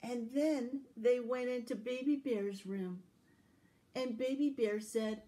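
Slow, warm-voiced woman storyteller. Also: a little high, rough recording. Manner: slow, expressive, sing-song storytelling. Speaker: children's library storyteller. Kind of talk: read-aloud story and tips for children.

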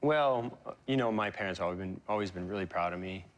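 A man in his forties, a guest in an interview, telling personal stories in a halting, emotional way with many fillers and restarts. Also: low-pitched. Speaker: interview guest, pro surfer. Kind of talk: reflective interview storytelling.

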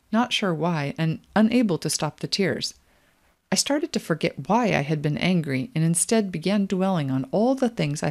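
A middle-aged woman reading her own memoir aloud, quiet and introspective in a measured way. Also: low-pitched. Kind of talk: reflective memoir narration.

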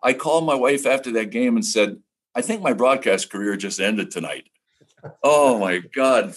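An older man, a retired broadcaster, telling animated stories as a podcast guest and acting out other people's lines. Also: mid-range voice, breathy edge. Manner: animated, acts out quoted voices. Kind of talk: casual podcast storytelling.

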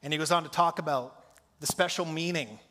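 A man's voice: fairly high pitch, brisk, bright, forceful tone. A male pastor preaching a sermon in a conversational way, putting questions to his congregation. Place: church sanctuary. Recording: long church hall reverb.

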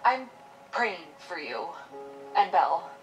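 A woman's voice: fairly low pitch, sing-song, slow pace, muffled recording, soft background music, heavily acted. An actress playing a chatty, grateful neighbor woman who talks effusively, in a web drama.

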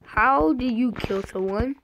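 Excitable slightly hoarse young gamer woman. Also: fairly high pitch, slow pace, a little hiss or hum, poor audio. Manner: excitable, shouting out reactions to the game. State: sick. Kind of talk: playing and narrating an online game.

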